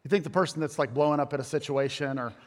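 A man in his thirties preaching a sermon, loud and animated, telling stories with self-mocking humor. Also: on the high side, rapid-fire. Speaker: pastor. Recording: long hall reverb.

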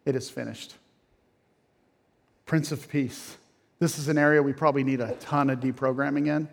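A middle-aged man, a pastor, preaching a sermon that swings from quiet, low phrases to loud, emphatic peaks. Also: level tone, fairly quick, gravelly.

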